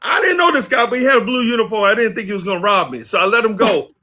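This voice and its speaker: A man guest casually telling stories from his past in an interview, animated and acting out the people he quotes. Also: sits high, racing. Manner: animated, acts out quoted voices. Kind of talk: casual storytelling.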